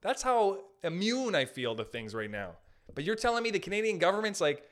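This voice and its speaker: Man, late 20s, podcast host, comic rant, high voice, swooping delivery, laughs at own jokes. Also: very animated, brisk, fairly bright tone. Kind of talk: comedic solo podcast rant.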